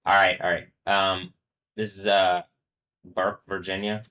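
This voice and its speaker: A man's voice: sits low, little pitch movement, unhurried, sharp tone. A man hosting a casual live stream, rambling and talking over himself with lots of fillers. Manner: rambling, filler-heavy, laughs often. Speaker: livestream host.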